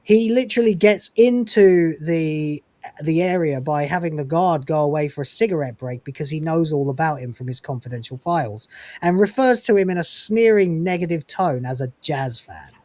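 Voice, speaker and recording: Woman podcast host, low-voiced, profane and animated, with a dry, close sound. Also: normal speed, dry recording. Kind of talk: casual review chat.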